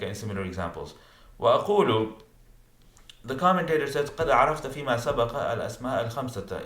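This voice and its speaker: Male grammar teacher, lowish voice, reads then explains, echoey room. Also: a bit bright. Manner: reads Arabic text then translates and explains with asides. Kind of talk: explaining a grammar text line by line. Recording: roomy echo.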